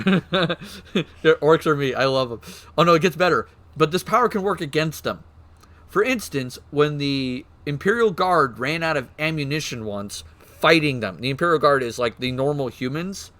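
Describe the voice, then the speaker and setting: A man on a stream excitedly explains game lore in casual chat, laughing and swearing. His voice is fairly high, and he talks at a moderate pace.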